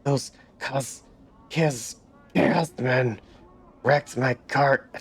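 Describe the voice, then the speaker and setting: Man voicing a scarred, hostile woman in a computer game, husky, very slow, faltering delivery. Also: medium pitch, pitched above the performer's own voice, heavily acted. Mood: distraught. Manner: halting, broken speech.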